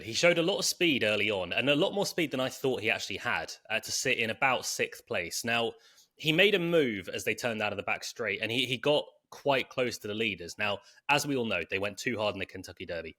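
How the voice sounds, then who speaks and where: A man's voice: fairly low pitch, bright, forceful tone. A man co-hosting a podcast in casual chat, steering the segments and chatting about race runs. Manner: chatty, runs the show with subscribe plugs and quick asides. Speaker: podcast co-host. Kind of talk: casual horse racing preview chat.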